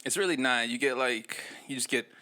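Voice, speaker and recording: A man's voice: mid-range voice, fairly quick, bright, forceful tone. A man co-hosting a casual podcast, giving loose, profane, jokey advice. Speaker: podcast co-host.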